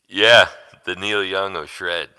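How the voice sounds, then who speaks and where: Deep-voiced, profane middle-aged man. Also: sharp tone, clear, resonant tone. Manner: profane, rambling storyteller who laughs often. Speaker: livestream host. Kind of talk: casual livestream chat.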